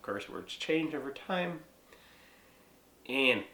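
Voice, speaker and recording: Brief: young American man, mid-pitched, loose and profane, talking to camera in an echoey room. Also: moderate pace. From United States. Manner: lively, profane, frequent "like" and "right?". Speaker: vlogger. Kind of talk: casual explainer monologue.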